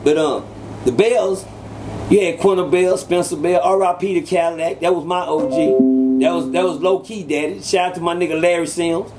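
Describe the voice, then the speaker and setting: A man telling old street stories as an interview guest, animated and acting out quoted voices. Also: moderate pace, over music. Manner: animated, acts out quoted voices with sudden pitch jumps. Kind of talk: casual storytelling.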